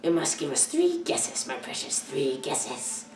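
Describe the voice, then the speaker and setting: A young woman voicing a greedy, sly cave creature with a hissing, breathy half-whisper that jumps to high shrieks. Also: a little slow, darkish tone. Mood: wheedling. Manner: wheedling, with sudden high shrieks. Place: church hall. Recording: echoey room, far from the mic.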